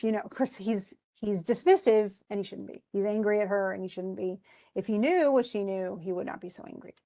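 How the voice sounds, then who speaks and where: A woman's voice: medium pitch, warm tone. A woman teaching a class, retelling a tragedy in casual speech and briefly acting out the characters' lines. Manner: casual, acts out lines in quick voices.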